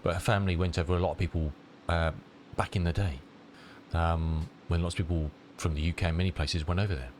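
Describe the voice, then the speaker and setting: A man's voice: low voice, fairly even intonation, fast talker, a little mellow, slight background noise. A middle-aged man with a southern English accent, chatting casually on a live stream while congested from a cold, rambling as he answers viewers. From southern England. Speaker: flight-sim streamer.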